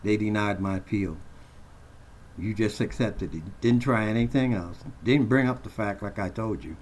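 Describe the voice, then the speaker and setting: A man's voice: on the low side, normal speed, darkish tone, a little hiss or hum. A man venting in a heated, profane rant recorded on his phone, hurling blunt accusations. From Colorado. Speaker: vlogger. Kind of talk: angry rant to camera. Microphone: phone camera.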